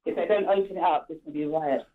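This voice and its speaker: A woman's voice: fairly low pitch, fairly even intonation, racing, crowd noise. Chatty London woman on a phone line. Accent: London English. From England. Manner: chatty, laughing, many restarts. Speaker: caller. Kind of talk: call-in radio chat.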